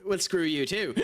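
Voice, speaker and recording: Lively man chatting while gaming. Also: a little high. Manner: chatty, laughs at himself, many fillers. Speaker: game streamer. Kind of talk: casual live-stream commentary.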